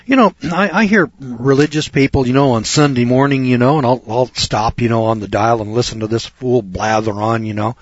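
A man's voice: mid-range voice, moderate pace, no room sound. A middle-aged man, a lawyer, giving a folksy, sarcastic lecture on Bible passages and spinning courtroom stories as he goes. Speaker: lawyer teaching scripture. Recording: dull lo-fi recording.

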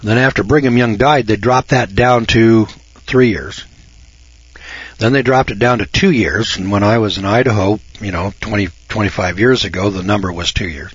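A man's voice: lowish voice, normal speed, husky, dry recording. An older American man hosting a radio talk show, talking in a folksy, emphatic way and repeating words as he builds his points. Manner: folksy, emphatic, repeats himself, mocks callers in a raised voice. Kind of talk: casual radio monologue. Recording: dull lo-fi dry radio sound.

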